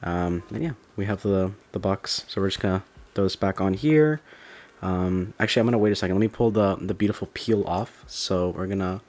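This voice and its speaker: A young man casually narrating a phone unboxing at home, excitable and rambling with many fillers and restarts. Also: on the low side, normal speed. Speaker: tech vlogger. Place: dim room at home.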